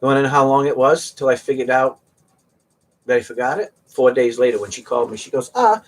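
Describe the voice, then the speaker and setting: A man's voice: mid-range voice, fast talker. A middle-aged man hosting a live auction stream, chatting casually and rambling through joking stories. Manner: joking, rambling storyteller who laughs a lot.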